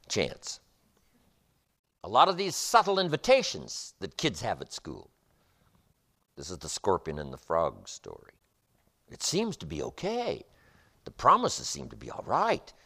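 A man's voice: sits low, creaky, a bit bright. A man giving a motivational lecture with an emphatic, repetitive, preacher-like cadence. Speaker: motivational speaker.

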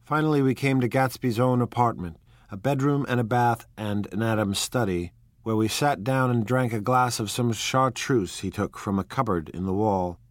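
A man narrating a classic novel aloud in a measured, lyrical storytelling manner. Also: mid-range voice, dry recording. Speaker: audiobook narrator.

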